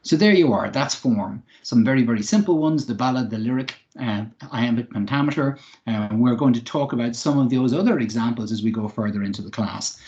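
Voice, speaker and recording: A man giving an online English lesson, explaining clearly with occasional fillers. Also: medium pitch, brisk, darkish tone, muffled recording. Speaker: English teacher.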